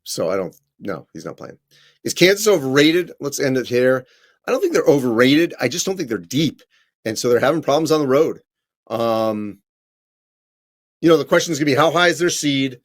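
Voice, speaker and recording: A man at a middle pitch talks through viewer questions on a live stream. His delivery is loose and conversational, with frequent ums and quick corrections of himself as he goes. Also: sing-song. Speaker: college basketball correspondent.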